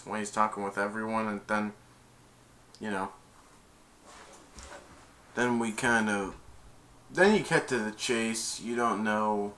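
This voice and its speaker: A man's voice: fairly low pitch, slow pace, pauses often, fairly bright tone. Rambling young man retelling a movie. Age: young adult. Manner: rambling, strings events with "and then". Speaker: movie reviewer.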